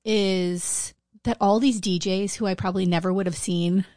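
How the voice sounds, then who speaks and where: A woman's voice: medium pitch, normal speed, dry recording, clean studio sound. A woman co-hosting a podcast, telling stories in casual chat, swearing and joking at her own expense. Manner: animated, profane, self-mocking storytelling. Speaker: podcast co-host.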